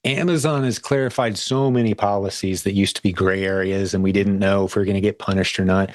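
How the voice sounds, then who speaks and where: Male podcast host, low voice, dry close sound, eager and chatty with frequent restarts. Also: steady tone, quick pace, no echo. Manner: upbeat, restarts phrases often. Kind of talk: casual podcast chat.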